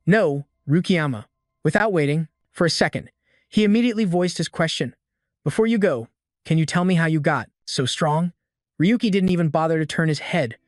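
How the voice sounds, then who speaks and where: A man reading a scripted story recap as narrator, in an even, steady delivery. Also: on the high side, dry recording, studio quality. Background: faint background music.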